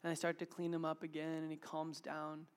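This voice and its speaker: A man's voice: a little high, fairly quick, clean tone. Casual young male preacher. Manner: casual, with filler words and animated retelling. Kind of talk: informal evening sermon.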